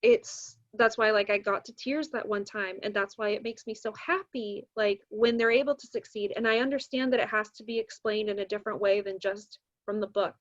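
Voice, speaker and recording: A woman's voice: medium pitch, brisk, hardly any pauses. A young woman, a math teacher, telling a story in casual podcast talk and acting out the voices of the people she quotes. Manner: animated, acts out quoted voices. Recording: dull lo-fi recording.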